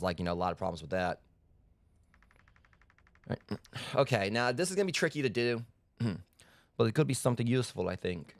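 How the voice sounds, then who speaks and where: A man's voice: on the low side, lively intonation, fairly quick, long pauses, no room sound. A man giving rambling, self-deprecating let's-play commentary as a game streamer, full of fillers and restarts.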